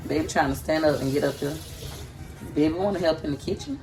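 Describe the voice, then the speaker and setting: A woman's voice: deep voice, fast, over music, rough recording. A chatty, teasing woman from Tampa, Florida, talking casually to her viewers in a home kitchen while she films on a handheld phone. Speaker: vlogger and mother. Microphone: handheld phone camera.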